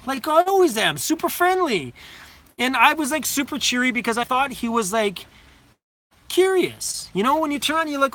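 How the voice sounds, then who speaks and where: A middle-aged man with a high, bright voice chats on a live stream from his phone. He tells stories in a loose, rambling way, laughing often and swearing now and then. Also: lively intonation, fairly quick. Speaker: vlogger hosting a live Q&A. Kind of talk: casual live-stream chat. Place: inside a van. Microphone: phone camera.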